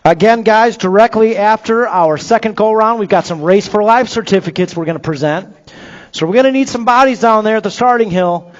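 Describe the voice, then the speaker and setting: Brief: male track announcer, higher-pitched, upbeat race calls with jokey asides, dull lo-fi PA sound. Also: brisk. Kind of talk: live BMX race commentary. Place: outdoor BMX track over a PA.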